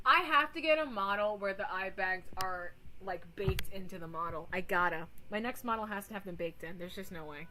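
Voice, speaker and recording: A woman streamer chatting casually on a livestream, rambling and animated, swearing and giggling now and then. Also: medium pitch, rough recording.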